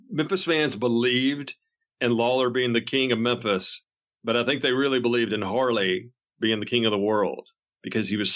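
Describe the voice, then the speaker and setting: A man speaks in an earnest, reflective way at a middle pitch. He pauses and repeats himself as he searches for words. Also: fairly bright tone. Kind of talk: reflective commentary.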